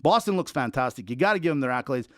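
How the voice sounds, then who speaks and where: A man's voice: medium pitch, racing, no room sound, studio quality. A man co-hosting a sports podcast, joking and ranting in casual banter. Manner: animated, joking, riffs and rants. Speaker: podcast co-host.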